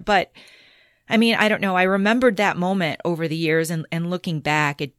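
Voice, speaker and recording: A middle-aged woman speaks in a lowish, relaxed voice, recalling her past in an open, conversational way. She livens up when she quotes others, and the sound is close and dry with no room echo. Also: a little fast. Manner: candid storytelling, animated when quoting others. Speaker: podcast guest. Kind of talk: casual conversational interview.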